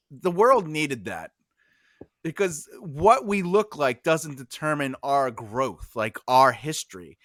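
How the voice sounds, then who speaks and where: A man's voice: fairly high pitch, no echo. Chatty podcast host man, dry sound. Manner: animated storyteller, many fillers and restarts, jokey. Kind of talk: casual podcast conversation.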